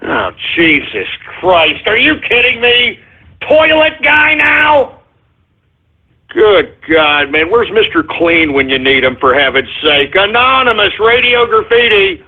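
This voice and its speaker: A man hosting a call-in radio show who rants, shouts and curses in exasperation at his callers. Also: high-pitched, big pitch swings, takes it slowly, narrow, tinny audio. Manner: exasperated ranting, shouting and cursing.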